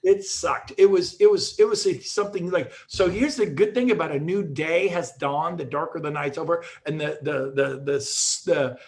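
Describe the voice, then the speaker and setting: A middle-aged man giving an energetic motivational talk as a guest speaker, telling stories with frequent restarts. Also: fairly high pitch, moderate pace, few pauses. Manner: energetic storytelling with repeated restarts.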